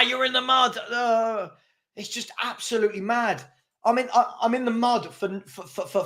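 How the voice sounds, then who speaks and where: A young man hosting a live football watchalong, calling the play and ranting at his chat. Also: sits high. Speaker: watchalong host. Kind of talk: live match commentary and chat.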